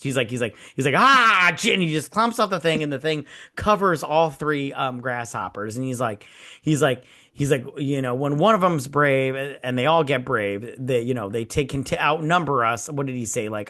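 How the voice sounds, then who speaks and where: Podcast host, male, mid-pitched, animated and crude, retells scenes in quoted voices with frequent laughs. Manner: animated retelling, quoting characters in voice; laughs often, crude humor. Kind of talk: casual movie-review chat.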